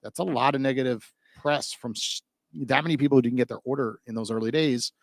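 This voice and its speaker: A man's voice: medium pitch, steady tone, brisk, gravelly, no room sound. A man hosting a podcast interview, asking long rambling questions full of "like" and "you know" in a casual chat. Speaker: podcast host.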